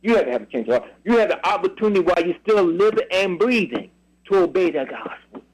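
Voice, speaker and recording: Radio preacher, male, high lively voice, emphatic call-and-response scripture reading. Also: breathy edge, low-quality recording. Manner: drawn-out emphatic phrasing, repeated questions. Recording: radio broadcast.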